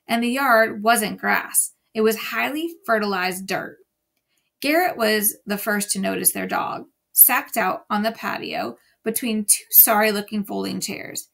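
A woman's voice: medium pitch, creaky, pushed and bright. A woman reading a story aloud to a class, acting out the characters and stopping to ask the listeners questions. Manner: voices the characters and sings the song lines.

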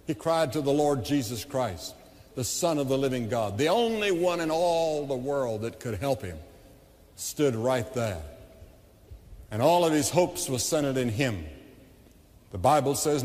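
A man's voice: mid-range voice, expressive, moderate pace, a little mellow. A man, preaching a revival sermon with impassioned, dramatic storytelling that acts out the characters. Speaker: evangelist preacher. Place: large indoor arena. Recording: echoey 1989 arena sermon recording.

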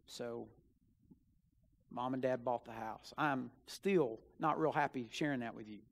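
A young man, a student minister, preaching a sermon built on a personal story, dropping to quiet asides and rising to loud emphatic bursts. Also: mid-range voice, unhurried, vocal fry. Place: church sanctuary.

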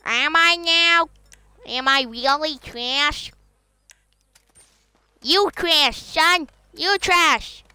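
An online game troller puts on a bratty, exaggerated voice, calling himself an old policeman and taunting other players over voice chat with repeated insults. His voice sits high and sounds pushed and bright. He speaks extremely slowly, with long pauses, in a mocking tone.

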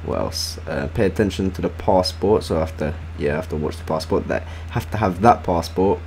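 A man hosting a casual let's-play, chatty and halting with fillers and restarts. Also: low-pitched, lively intonation, darkish tone, slight background noise. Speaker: gaming channel host.

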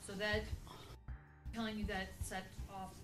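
A woman's voice: medium pitch, level tone, unhurried, loud music behind the voice. A woman judge questioning a defendant in court, firm and direct.

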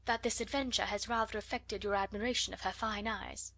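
A haughty young society lady full of scorn, her sneers wrapped in polished, affected manners, as a woman reader puts her on. The voice sits at a middling pitch for a woman and carries the contempt in its phrasing. It is an audiobook reading. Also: steady tone, fairly quick, fairly bright tone. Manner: scornful, mocking.

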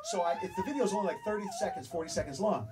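A man's voice: high-pitched, huge pitch swings, very fast, recorded from a distance, a crowd in the background, low-quality recording. A man telling a story to a live audience, acting out both sides of a back-and-forth conversation. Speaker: speaker telling a story on stage. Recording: stage talk from afar with audience.

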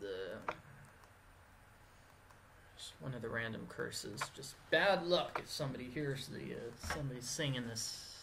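A woman's voice: extremely low pitch, measured pace, vocal fry, long pauses, noisy background. A woman chatting offhandedly and joking while a friend plays a video game. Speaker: let's-play co-host. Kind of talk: casual gameplay chat.

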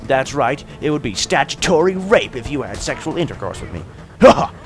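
A teenage boy commentating his gameplay with a lively, bouncing pitch that jumps up into yelps and shouts. He jokes constantly and reacts loudly to every mishap. Game music plays clearly behind him. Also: fairly quick. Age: teens. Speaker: gaming YouTuber. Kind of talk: let's play commentary.

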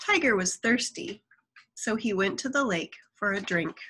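A woman's voice: medium pitch, animated, normal speed, bright, forceful tone, a little hiss or hum, low-quality recording. A woman reading a children's folk tale aloud, adding chatty asides to the listener. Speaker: storyteller.

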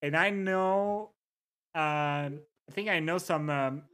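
Slow, unhurried livestreamer reading chat. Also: medium pitch, a bit bright. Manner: reads chat aloud and greets viewers between musings; amused, drawn-out repeats of words.

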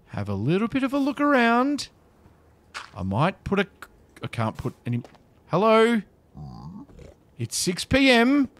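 A man's voice: sits high, a bit bright. A man giving casual gameplay commentary, talking to himself as he plays and repeating phrases with nervous chuckles. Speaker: gaming video creator.

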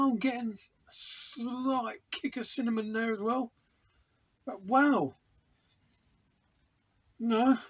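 A man's voice: extremely high pitch, husky, low-quality recording. An English man reviewing hot sauce in a casual, enthusiastic, rambling way, tasting aloud in a home studio. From England. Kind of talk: casual product review vlog.

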